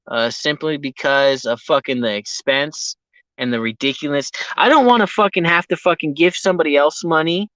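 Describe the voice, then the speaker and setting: A man's voice: on the high side, fairly bright tone, dry recording, muffled recording. A man vlogging casually from inside his vehicle, rambling and ranting with constant profanity. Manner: profane, heavy swearing, ranting.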